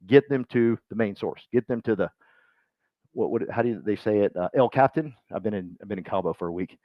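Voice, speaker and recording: A man's voice: on the low side, brisk, dry recording, dull audio. A man giving a loose, joking motivational talk to a room, rambling and acting out the voices he quotes. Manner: rambling, self-mocking, acts out quoted voices. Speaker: speaker at a business meeting.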